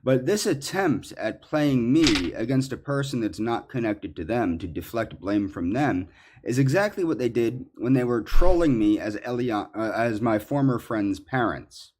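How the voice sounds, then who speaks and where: A man in a ranting monologue, accusatory and indignant, halting with fillers. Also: medium pitch, animated, darkish tone, a little hiss or hum. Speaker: commentary subject in clips.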